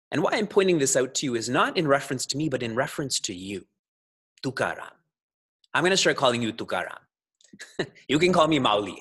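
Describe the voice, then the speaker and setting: Male spiritual teacher, slightly husky voice, playful discourse style with frequent laughs and questions to the audience. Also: medium pitch, sharp tone. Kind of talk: scripture discourse to a congregation.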